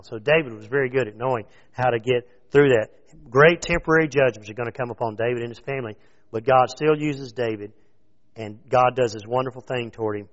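Man preaching a casual, lively sermon. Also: medium pitch, a little fast. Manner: conversational, animated preaching that questions the audience. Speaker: pastor. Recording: dull lo-fi recording.

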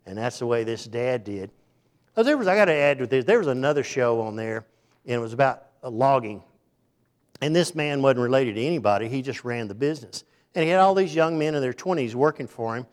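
A man's voice: medium pitch, expressive, brisk. A middle-aged man preaching in a loose, chatty way with a mid-range voice, drifting from story to story. He slips into the voices of the people he describes before circling back to his point. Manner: folksy, rambling, conversational; acts out the people in his stories. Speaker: speaker giving a faith talk. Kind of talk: informal sermon with storytelling.

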